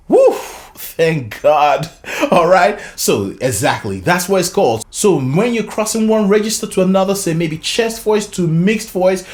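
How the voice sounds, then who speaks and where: A vocal coach giving an animated singing lesson, explaining with frequent "okay?" check-ins and chuckles, breaking into short sung demonstrations. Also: medium pitch.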